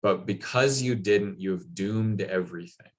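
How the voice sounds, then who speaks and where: A man's voice: deep voice, a little slow. A man quoting a scolding noblewoman. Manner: casual paraphrased quoting. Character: angry wronged noblewoman, scolding.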